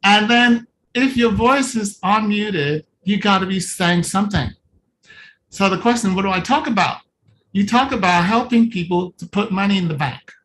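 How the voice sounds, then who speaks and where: A lively coach talks through a video call, playful and animated and often acting out small scenes. The voice sits at a middle pitch. A faint hiss of noise runs under the speech. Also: moderate pace, low-quality recording. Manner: animated and playful, acts out little scenes while talking to a participant. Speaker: coach presenting at a virtual summit. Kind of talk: live video-call presentation.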